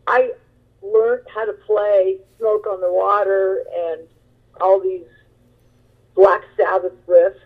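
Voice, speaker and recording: A woman guitarist being interviewed, telling stories in a chatty, animated way with lots of fillers. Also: mid-range voice. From Long Beach, California. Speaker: guest musician, guitarist. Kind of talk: interview storytelling. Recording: tinny phone line.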